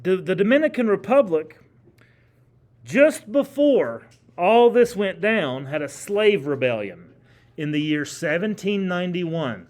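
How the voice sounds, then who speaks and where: A man's voice: high voice, big pitch swings, a little slow, a little mellow. A man teaching a history class in a classroom, talking casually and quizzing his students with questions. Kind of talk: classroom lecture.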